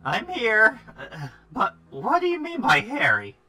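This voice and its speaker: A man's voice: sits high, wildly swooping pitch, a little slow, bright, forceful tone, faint music behind, voice pushed up, full character voice. A man voicing a nervous, jumpy werewolf man with a startled, yelping way of talking.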